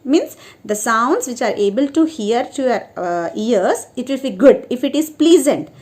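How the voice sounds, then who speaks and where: Woman, high voice, sing-song primary-school teacher on an online class. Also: lively intonation, measured pace, darkish tone. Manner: sing-song, keeps asking "isn't it, children?". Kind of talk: online class lesson for children.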